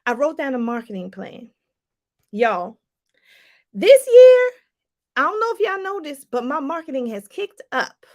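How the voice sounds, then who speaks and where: A woman with a high, bright voice coaches her viewers in an animated, preachy way. She keeps addressing them as y'all. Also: brisk, hardly any pauses. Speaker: life coach. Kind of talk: motivational livestream talk.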